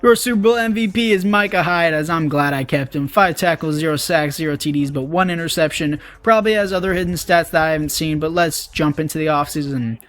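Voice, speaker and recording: A young man with a fairly bright, slightly high voice talks a little fast with few pauses. He's a gaming YouTuber giving chatty, upbeat commentary over a video game, calling his viewers "boys."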